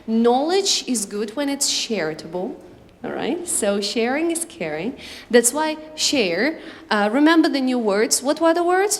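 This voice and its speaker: A young woman from Uzbekistan teaching an English speaking class, talking to her students in a lively, animated way. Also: on the high side. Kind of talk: classroom instruction and anecdote. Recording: reverberant room, faint background noise.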